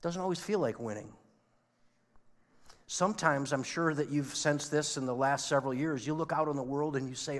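A male pastor preaching a sermon in a conversational way, asking the audience rhetorical questions and moving between loud emphasis and hushed, quiet lines. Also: a little high, moderate pace. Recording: long reverb of a large hall.

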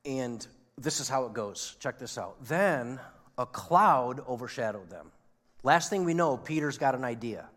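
A man's voice: mid-range voice, lively intonation, unhurried. Man preaching in a reverberant hall. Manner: conversational preaching with rhetorical questions; swings between loud emphasis and soft hushed lines. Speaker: pastor. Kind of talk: sermon. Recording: long reverb of a large hall.

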